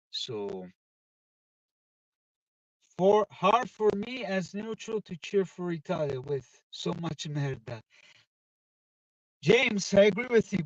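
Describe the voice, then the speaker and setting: Man, football livestream host, casual chat, animated, slightly high voice, dull lo-fi sound, dry and a bit off-mic. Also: no echo, distant mic. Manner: animated, switches between English and Italian, reads chat aloud. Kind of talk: casual live-stream chat.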